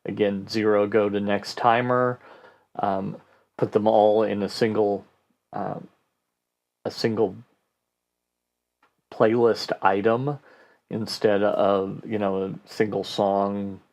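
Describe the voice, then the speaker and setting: A man hosting a casual question-and-answer podcast, answering listener questions in a relaxed way and thinking aloud with fillers. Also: fairly low pitch, slow pace, pauses often. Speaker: host.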